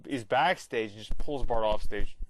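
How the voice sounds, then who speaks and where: A man's voice: fairly low pitch, moderate pace, a bit bright, low-quality recording. Man rambling through an episode recap. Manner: rambling, many fillers and self-corrections. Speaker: TV episode reviewer.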